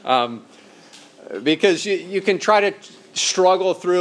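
A man's voice: sits high, animated. Conversational man preaching a sermon. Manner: conversational, slows down for emphasis. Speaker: pastor. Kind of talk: sermon teaching.

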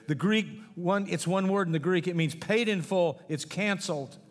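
Middle-aged man, folksy pastor preaching with jokes; higher voice, long reverb of a church hall. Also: moderate pace. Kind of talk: sermon.

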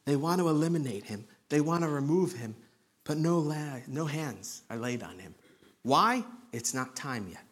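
A male pastor teaches through a Bible passage with an earnest, conversational delivery. His voice sits a little higher than most men's and falls quiet for emphasis. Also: expressive, normal speed, breathy edge. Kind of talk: expository sermon.

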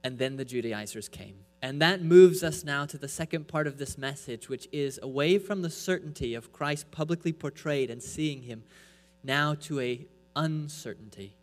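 A man preaching a sermon from the pulpit, pressing his point with rhetorical questions and swinging between loud and soft. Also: on the high side, moderate pace. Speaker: pastor. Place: church. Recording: echoey hall with mains hum.

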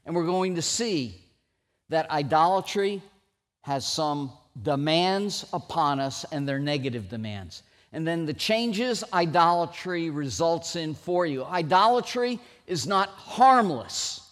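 A middle-aged man preaching a sermon, slow and emphatic, with sudden loud rises for stress. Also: fairly high pitch, lively intonation. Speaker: pastor. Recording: long hall reverb.

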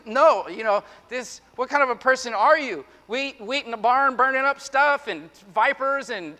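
A male pastor preaching a sermon, animated, slipping into the voices of his listeners and of the prophet. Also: very high voice, brisk, hardly any pauses, long reverb tail.

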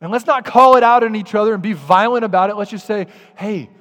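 A man preaching a sermon as pastor, lively and direct, sometimes acting out muttered grumbling. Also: sits high, fast, long reverb tail. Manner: animated, acts out grumbling voices.

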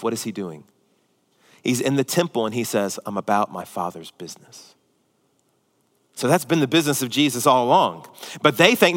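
Pastor guy preaching a sermon, slightly high voice, animated, reverby church hall. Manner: animated, acts out quoted voices.

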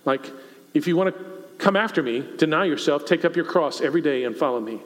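A man's voice: fairly high pitch, animated, fairly quick. A man with a Texan accent preaching a sermon to his church, talking conversationally and asking the congregation questions. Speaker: pastor. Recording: long reverb of a church hall.

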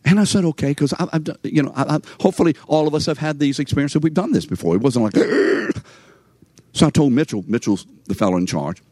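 A man's voice: on the high side, expressive, brisk, dark tone, dry recording. An older man giving a sermon as a story, chatty and conversational, speaking straight to his listeners. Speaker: preacher.

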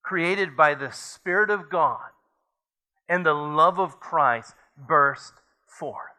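A man's voice: a little high, slow pace, bright, forceful tone. A man preaching a sermon as pastor, reading scripture aloud and building to emphatic points.

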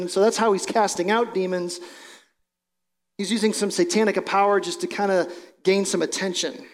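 A male pastor with a high voice preaches in a conversational, explanatory way. His voice carries a long reverb, as in a large church hall. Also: brisk. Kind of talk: sermon.

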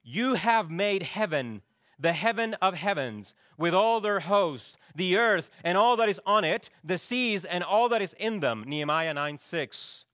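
A man's voice: high voice, expressive, unhurried, fairly bright tone, no room sound, studio quality. A middle-aged man preaching a sermon, emphatic and asking his congregation questions as he goes. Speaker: pastor.

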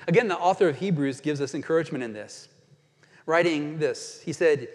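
Earnest and fairly high-voiced, a male pastor gives a sermon in a church sanctuary. Quoted scripture gets a deliberately slow, savoring delivery. The hall's long reverb colors the recording.

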